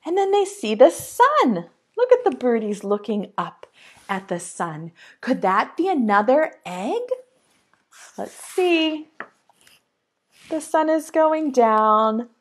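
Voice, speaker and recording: Reading aloud from a picture book, a woman teaches young children in an online preschool. Her voice is a little high, and she takes a slow, singsong storytime approach full of animated exclamations.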